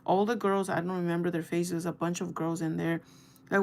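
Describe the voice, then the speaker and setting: A woman's voice: lowish voice, a little fast, a little hiss or hum. A young woman hosting a casual livestream, greeting her chat and telling a long story with lots of fillers. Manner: rambling, animated storytelling with many fillers. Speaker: livestream host.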